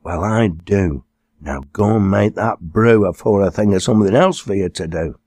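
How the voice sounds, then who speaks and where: A man doing a brisk motherly farm wife. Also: fairly low pitch, darkish tone, dry recording, studio quality, close to an everyday voice. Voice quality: bossy, practical.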